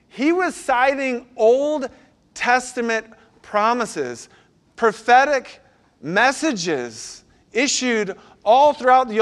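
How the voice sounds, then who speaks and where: A pastor with a voice that sits high preaches a sermon built around a personal story. He shifts between hushed passages and loud, urgent ones.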